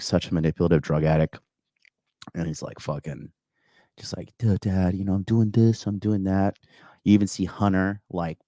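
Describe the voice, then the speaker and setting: Rambling deep-voiced male stream host. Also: darkish tone, dry recording, clean studio sound. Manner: rambling, crude, peppered with "like" and "you know". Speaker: call-in show host. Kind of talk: casual livestream chat reading viewer comments.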